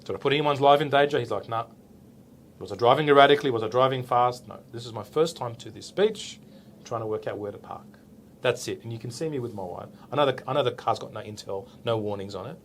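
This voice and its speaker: A medium-pitched, fast-talking police officer from Australia, in his forties, is interviewed and tells a casual story. He acts out the lines with energy, often tagging them with "right?" There's slight background noise.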